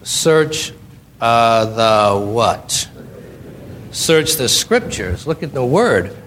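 The middle-aged man leading this Bible study has a medium-pitched, fairly bright voice and speaks extremely slowly yet animatedly. He reads scripture, then pauses to question listeners with folksy jokes, over slight background noise.

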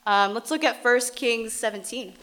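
Woman, fairly high voice, Bible teaching, reads scripture and chats about it. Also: normal speed, a bit bright. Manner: reads scripture then explains it conversationally.

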